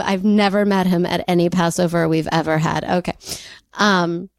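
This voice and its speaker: A woman co-hosting a podcast, telling a story in a chatty, animated way with jokey asides and frequent laughs. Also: medium pitch, dry recording, clean studio sound. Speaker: podcast co-host. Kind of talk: casual storytelling chat.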